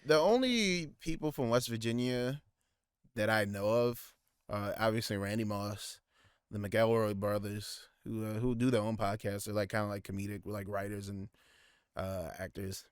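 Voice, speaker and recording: Smooth-voiced man rambling on a podcast. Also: lowish voice, moderate pace, no echo, clean studio sound. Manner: rambling, many restarts and fillers, slips into goofy put-on voices. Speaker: podcast co-host. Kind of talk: casual chat.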